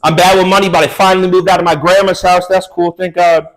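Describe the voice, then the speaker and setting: A man's voice: sits high, flat delivery, quick pace, poor audio. A young man performing a stand-up comedy set on a club stage, telling crude, loose stories with slangy asides.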